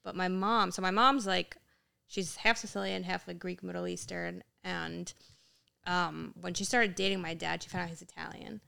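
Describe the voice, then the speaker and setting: A young woman chatting on a podcast, her voice crackling with heavy fry yet bright and clean. She tells her stories animatedly and slips into the voices of the people she quotes. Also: fairly low pitch, moderate pace. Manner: animated storyteller, acts out quotes in Italian. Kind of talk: casual chat.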